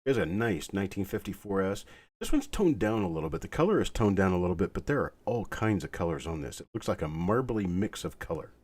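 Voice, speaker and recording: A man hosting a live online coin auction, calling bids in a calm, soothing, unhurried way. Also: low-pitched, husky. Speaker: auctioneer host.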